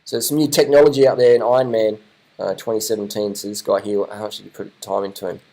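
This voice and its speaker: A man talks over race footage in a loose, rambling way. His voice sits on the low side, and he gets excited, swears casually and keeps repeating himself as he reacts. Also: quick pace, low-quality recording. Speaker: vlogger commenting on race footage. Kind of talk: casual live commentary over video.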